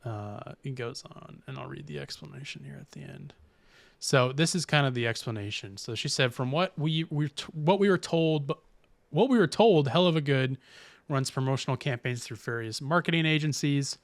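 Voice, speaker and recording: A man's voice: medium pitch, moderate pace, vocal fry, dry recording. A man hosting a podcast in casual chat, rambling and reading news aloud with restarts. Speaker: podcast host.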